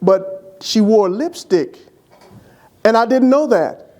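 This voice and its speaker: Taking his time, an older man with a high voice, a deacon in his church, recounts amusing and loving tales of his late wife to an interviewer. The telling is lively and animated, a humorous kind of memorial.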